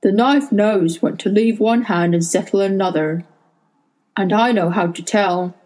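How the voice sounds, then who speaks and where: A woman voicing a weary, gentle old man who speaks gravely and sadly. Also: mid-range voice, unhurried, natural voice, rough recording.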